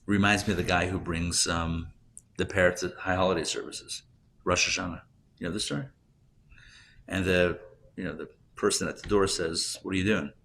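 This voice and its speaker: A man, a rabbi, teaching a live class and telling jokes, talking in a conversational way, asking the audience questions and getting loud and animated when he makes a point. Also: low-pitched, normal speed, vocal fry, slight background noise. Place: classroom or synagogue hall, recorded live.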